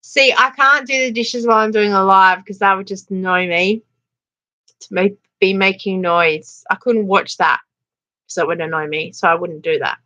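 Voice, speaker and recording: A woman's voice: mid-range voice, steady tone, normal speed, fairly bright tone. Chatty Australian woman on a livestream. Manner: chatty, laughs often, reads out viewer comments. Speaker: livestream host. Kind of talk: casual live chat.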